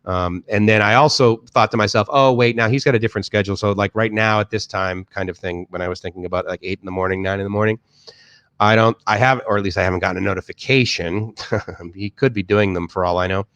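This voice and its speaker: A man with a Boston accent talks loosely on his live stream, reading viewers' comments aloud and circling back through fillers and restarts. His voice sits low, and the sound is dry with no room echo. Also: steady tone, quick pace, a bit bright. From Boston area, USA. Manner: rambling, many restarts and fillers. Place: home, in Bangkok.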